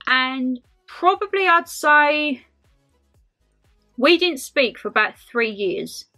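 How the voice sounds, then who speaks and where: A woman's voice: high voice, expressive, slow pace, bright, forceful tone, soft background music. A woman in her twenties doing a casual, rambling Q&A vlog to camera, calling her viewers her lovelies. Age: 20s. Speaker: lifestyle vlogger.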